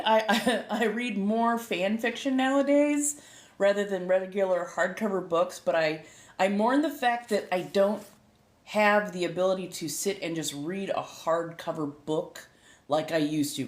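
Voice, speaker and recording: A woman's voice: mid-range voice, lively intonation, normal speed. A woman from the United States chatting casually with live viewers, rambling and laughing often, correcting herself as she goes. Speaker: streamer and tarot reader. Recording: echoey room.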